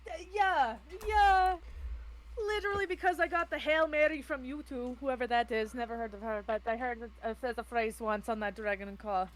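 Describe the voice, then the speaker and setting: High-voiced woman playing a tabletop game. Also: fast, few pauses, a little hiss or hum. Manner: soft and hushed, then loud and swearing. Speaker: player.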